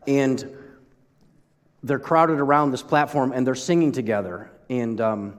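A man's voice: mid-range voice, measured pace. A man preaching a sermon as pastor, talking conversationally and asking the audience questions. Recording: long hall reverb.

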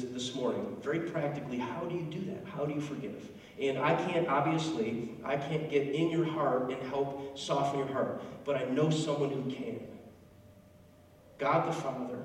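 A male pastor with a medium-pitched, darkish voice preaches a sermon, telling stories in a conversational yet emphatic way. It's recorded in a large church with an echoey hall, a distant mic, and faint noise.

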